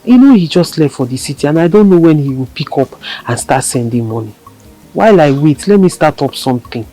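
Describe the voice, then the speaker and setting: A husky-voiced Nigerian wife. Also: female voice, sits low, lively intonation, a little fast, warm tone, soft background music, low-quality recording. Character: restless young village wife. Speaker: wife whose husband left for the city. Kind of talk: Nollywood family drama acting.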